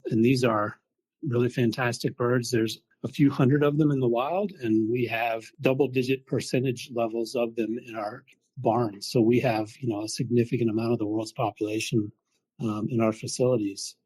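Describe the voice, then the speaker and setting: Oklahoman male researcher, husky, measured interview guest. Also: medium pitch, steady tone, a little mellow. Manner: measured, explanatory with fillers. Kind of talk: interview answers.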